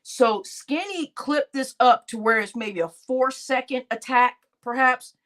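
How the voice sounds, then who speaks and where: A woman's voice: high voice, a little slow, fairly bright tone. A woman hosting a live stream, laughing often and talking to her chat in crude slang. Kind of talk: casual live-stream commentary.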